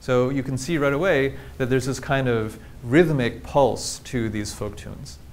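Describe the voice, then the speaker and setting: A man's voice: mid-range voice, unhurried, over music. A man giving a public linguistics lecture with slides, explaining things plainly and throwing rhetorical questions at the audience.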